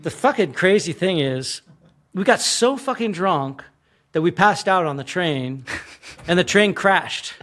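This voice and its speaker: Laughing storyteller man, voice on the high side. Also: animated, measured pace, a bit bright. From United States. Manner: laughs often while telling the story, swears casually. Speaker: guest telling travel stories. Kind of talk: casual storytelling.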